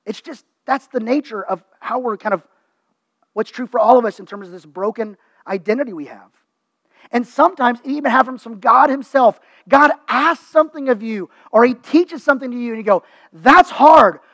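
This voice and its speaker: Male pastor, very high voice, dry close sound, chatty sermon delivery. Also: a bit bright, no room sound, low-quality recording. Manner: conversational preaching, acts out quoted voices.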